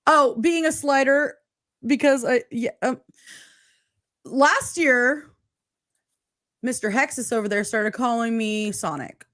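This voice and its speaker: A woman's voice: on the high side, slow pace, pauses often, a bit bright. A woman hosting a casual livestream chat, reading viewer comments aloud and laughing often. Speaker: host.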